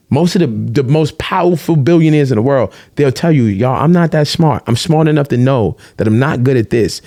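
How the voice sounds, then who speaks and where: A man in casual chat, telling animated stories in streetwise slang and swearing freely. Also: medium pitch, no room sound, studio quality. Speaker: podcast guest, vlogger.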